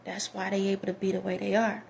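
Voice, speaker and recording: Gravelly-voiced woman giving spiritual advice. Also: medium pitch, level tone, fast talker, a little mellow, a little hiss or hum. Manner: emphatic, repeats herself, preachy. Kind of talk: casual spiritual talk to viewers.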